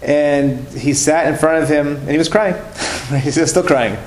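A man's voice: a little high, measured pace. A man telling religious stories in a class, in a conversational way that repeats and restarts phrases. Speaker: religious teacher. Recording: roomy room with faint noise.

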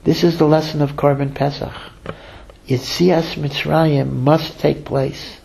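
Gravelly man telling a sermon story. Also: a little high, rough recording. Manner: animated storyteller, acts out quoted voices; slows to stress key lines. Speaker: rabbi.

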